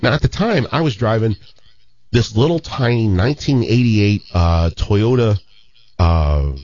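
A man in his fifties from St. Louis telling a long story in a casual, animated way, often restarting his sentences. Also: fairly low pitch, a little slow, dull audio. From St. Louis, Missouri.

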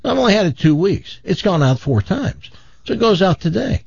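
A man's voice: sits high, big pitch swings, moderate pace, creaky, a little mellow, breathy edge, dry recording, muffled recording. A man animatedly retelling a frustrating story, exasperated, acting out the people he quotes. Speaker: caller telling a story. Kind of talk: casual storytelling on a talk show.

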